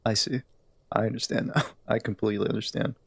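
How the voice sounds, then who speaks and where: A man's voice: fairly low pitch, steady tone, fast, vocal fry, a bit bright, husky, no room sound. A man live-streaming a game, chatting in a laid-back, easygoing way with his viewers. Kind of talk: casual live-stream chat.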